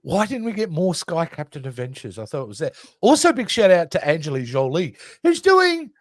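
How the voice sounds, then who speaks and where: A chatty man reviewing films on a podcast. His voice sits a touch high and swings up and down a lot. It comes through a dry, close mic. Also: very animated, fairly quick, no room sound. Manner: chatty, hesitant, with many restarts. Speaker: podcast co-host. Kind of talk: casual film review chat.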